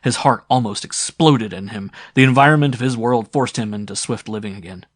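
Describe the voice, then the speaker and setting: A man narrating a science fiction audiobook in a steady, dramatic reading. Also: lowish voice, brisk, no room sound, studio quality. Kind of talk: scripted narration.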